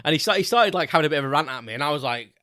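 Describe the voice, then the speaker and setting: A British man hosts his own podcast, spinning a chatty, rambling anecdote peppered with casual swearing. His voice is bright and forceful, recorded dry and close with no room sound. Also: a little high, lively intonation, rapid-fire, no room sound. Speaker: podcast host. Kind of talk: casual solo storytelling.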